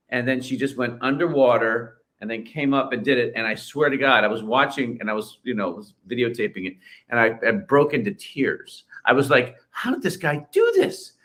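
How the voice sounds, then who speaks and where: A man's voice: mid-range voice, sharp tone. A man guest on a podcast, telling a family story in an earnest way and acting out quoted lines. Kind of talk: casual chat.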